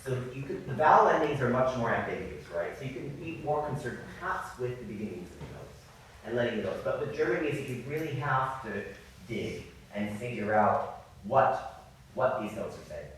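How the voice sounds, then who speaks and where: Male music coach leading a masterclass, animated and apologetic, heard from a distant mic in a very echoey hall. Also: mid-range voice, moderate pace, a little hiss or hum. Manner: apologetic, animated, demonstrating by singing. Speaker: viola masterclass teacher.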